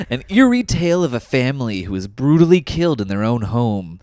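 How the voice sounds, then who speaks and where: A man's voice: mid-range voice, very animated, fairly quick, darkish tone, no room sound. A man co-hosting a podcast, talking in a casual, dry joking way. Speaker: podcast co-host. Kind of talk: casual chat.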